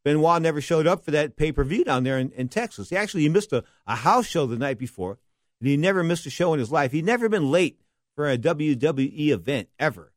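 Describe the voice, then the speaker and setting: A middle-aged man hosting a casual monologue, rambling and animated, often pausing to correct the names he gets wrong. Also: a little high, no echo, clean studio sound. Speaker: wrestling history podcast host.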